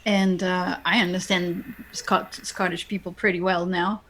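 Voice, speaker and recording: Woman in lively chat. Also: lowish voice, unhurried, slight background noise. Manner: animated, full of false starts. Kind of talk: casual chat.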